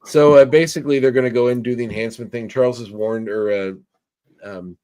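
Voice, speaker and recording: A man's voice: medium pitch, fairly even intonation, fairly quick, darkish tone. A man hosting a casual podcast chat, rambling and correcting himself with many fillers. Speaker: podcast host.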